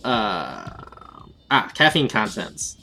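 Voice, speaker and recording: Animated man rambling over gameplay. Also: fairly low pitch, slow pace, creaky, faint music behind. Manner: rambling, animated storytelling with mumbled asides. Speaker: let's play host. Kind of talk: casual gameplay commentary.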